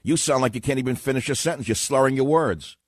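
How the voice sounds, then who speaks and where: A man's voice: medium pitch, fast talker, dry recording. A man from New York hosting a combative talk radio show, blunt and sarcastic with his callers. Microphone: studio microphone.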